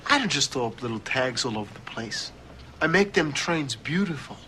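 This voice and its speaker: A man's voice: medium pitch, very animated, normal speed, sharp tone, slight background noise. An actor playing a proud young male graffiti artist in a film, speaking in a defensive, insistent way. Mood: defiant. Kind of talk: film dialogue.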